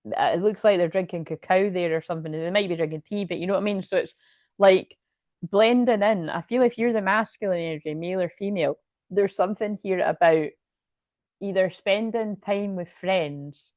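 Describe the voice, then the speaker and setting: Chatty woman with a low voice. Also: darkish tone, no room sound, studio quality. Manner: chatty, rambling, frequent laughter and restarts. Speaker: tarot and astrology reader. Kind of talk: casual chat tarot reading.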